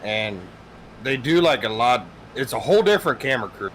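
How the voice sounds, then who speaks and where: Bright-voiced man telling stories casually. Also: medium pitch, a little fast, slight background noise, poor audio. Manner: swears freely, animated storytelling. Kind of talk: casual chat while gaming.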